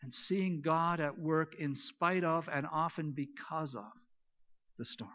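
A pastor preaching a sermon, retelling stories and moving between loud emphasis and soft, hushed lines. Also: male voice, a little high, slow. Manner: storytelling, swings between loud emphasis and near-whispered quiet. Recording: dull lo-fi recording.

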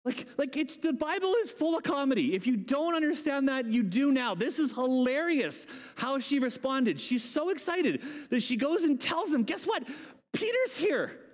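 A male pastor preaching a sermon in an animated, humorous, conversational way. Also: extremely high pitch, moderate pace, hardly any pauses. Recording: long hall reverb.

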